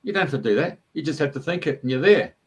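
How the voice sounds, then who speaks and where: A man's voice: expressive, quick pace, breathy edge. A man with an Australian accent voicing a tiny, curious male pixie who asks wide-eyed questions. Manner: squeaky, wondering questions.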